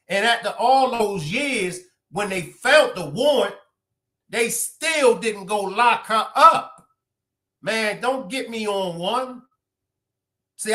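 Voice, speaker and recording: A fiery male streamer. He talks slowly and drawls his words. His voice sits fairly high for a man, and it rises to loud outbursts and then drops to muttering. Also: roomy sound. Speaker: commentary streamer. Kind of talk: live-stream commentary.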